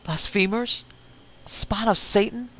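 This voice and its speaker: A man's voice: a little high, steady tone, normal speed, vocal fry, fairly bright tone, slightly rough, exaggerated voice. A man voicing a fanatical old minister with a cracked, shrieking voice, in a story reading. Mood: raging. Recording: faint hiss.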